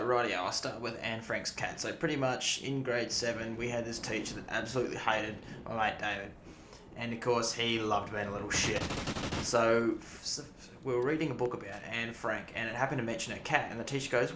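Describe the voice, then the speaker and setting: A young gaming YouTuber gives casual gameplay commentary, rambling through stories and swearing freely. His voice is lowish and steady, and he talks fairly quickly. The room is echoey, with slight background noise and loud game gunfire behind him.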